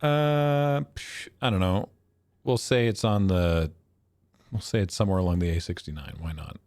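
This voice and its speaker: A man's voice: fairly low pitch, moderate pace, a little mellow, dry recording. A man streaming a geography guessing game, thinking aloud and poking fun at his own guesses. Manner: thinking aloud, self-mocking, chuckling. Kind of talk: casual livestream commentary.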